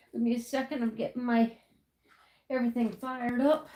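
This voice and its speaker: A woman's voice: on the high side, fairly even intonation, moderate pace, long pauses, mellow, roomy sound. A woman hosting a casual livestream from the United States, greeting viewers by name and chatting about her week. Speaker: livestream host. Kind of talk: casual live chat.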